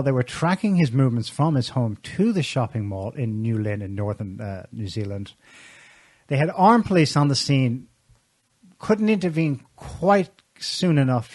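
Husky-voiced man giving sardonic commentary. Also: medium pitch, lively intonation, moderate pace, darkish tone, no room sound. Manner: sardonic, pointed delivery with frequent restarts. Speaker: show co-host. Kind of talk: casual political commentary.

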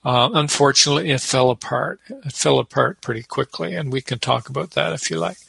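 A man, an author and peace activist, giving measured, explanatory interview answers with a wry edge. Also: mid-range voice, creaky, fairly bright tone, slightly rough, no echo.

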